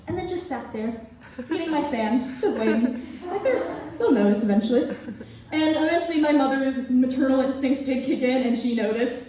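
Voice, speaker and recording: A young woman performing a stand-up comedy set at a student club, laughing at her own jokes and filling pauses with ums. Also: high-pitched, mellow. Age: young adult. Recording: echoey, distant, dull room recording.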